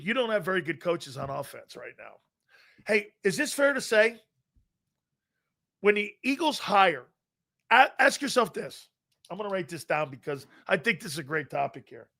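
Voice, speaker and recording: A middle-aged man's voice sits high, with some creak and a touch of brightness. Running a live sports talk show, he comes across brash and foul-mouthed, wandering from one chat comment to the next and laughing frequently.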